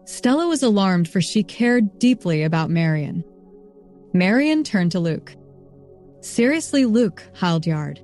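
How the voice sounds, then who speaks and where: A woman's voice: mid-range voice, very animated, a little slow, darkish tone, faint music behind. Woman reading a story evenly. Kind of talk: scripted narration.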